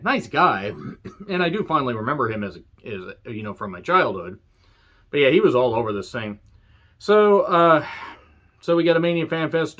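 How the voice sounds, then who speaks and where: A man with a medium-pitched, fairly bright voice gives a casual, rambling video review of wrestling, full of sarcastic and crude humor. The audio has a dull, lo-fi quality.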